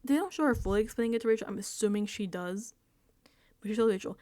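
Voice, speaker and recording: A woman's voice: mid-range voice, fast, warm tone, no echo. Woman gossiping thru a reality show recap, laughs a lot, whispers asides, dry close mic. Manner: chatty, laughs often, drops into whispered asides. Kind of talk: casual recap and reaction. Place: indoors, home setup.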